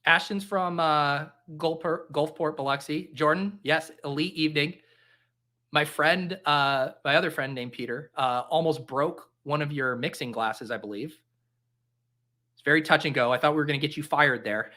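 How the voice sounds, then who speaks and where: Here a young man runs a live stream, rambling through jokey, caffeinated casual talk. His voice is a little high and comes out pushed and bright at a moderate pace.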